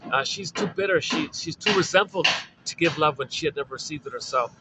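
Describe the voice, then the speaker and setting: A man's voice: on the high side, animated, a little fast. Man lecturing over traffic noise. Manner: explanatory, repetitive, with many fillers. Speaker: lecturer on psychoanalysis. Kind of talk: informal spoken lecture.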